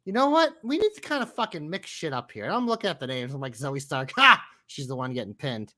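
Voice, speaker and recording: A man's voice: fairly high pitch, sing-song, fast talker, sharp tone. A man co-hosting a casual wrestling podcast, joking and bantering playfully. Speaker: podcast co-host.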